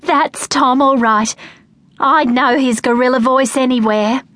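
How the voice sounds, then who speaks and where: A woman's voice: sits high, a little slow, a bit bright, no echo, pitched above the performer's own voice. A woman reads an exasperated mother in a children's storybook, scolding her small son crossly. The voice sits close and dry, with no room around it. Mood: pleading. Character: exasperated mother of a young boy.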